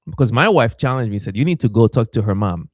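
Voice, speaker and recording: Animated man telling a story. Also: mid-range voice, quick pace, dry recording, studio quality. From Haiti. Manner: animated, acts out quoted voices, stammers and repeats. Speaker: pastor. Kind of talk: storytelling in a podcast interview.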